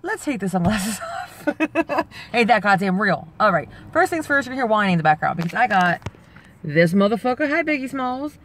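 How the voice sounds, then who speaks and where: A woman's voice: mid-range voice, a little hiss or hum. A woman from South Jersey ranting profanely and bluntly in a vlog, talking from her car. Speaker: vlogger. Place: car with dogs.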